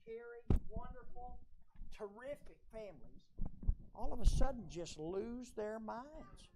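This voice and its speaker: A man's voice: sits high, expressive, measured pace, background noise. A male pastor, preaching a conversational sermon and drawing his congregation in with questions. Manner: folksy, conversational preaching with audience call-and-response.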